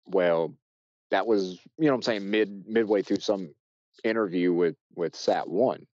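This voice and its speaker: A deep-voiced man from the United States rambles through a story as a podcast guest, restarting phrases and leaning on fillers. He gets loud when he acts out what people said. The audio is dry and muffled. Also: steady tone, a little slow, no echo. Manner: shouts loudly when acting out quotes. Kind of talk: casual storytelling.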